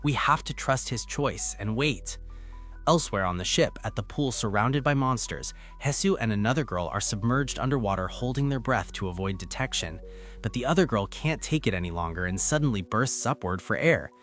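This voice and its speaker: A man narrating a comic story recap in steady scripted storytelling. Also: lowish voice, a little fast, faint music behind.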